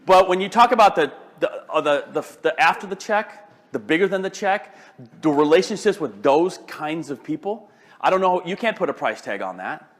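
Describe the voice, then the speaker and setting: Older guy pumping up a crowd at an event, high voice, jokey, keeps restarting sentences. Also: normal speed. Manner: animated, joking, rambling restarts. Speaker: motivational speaker. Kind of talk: live motivational talk.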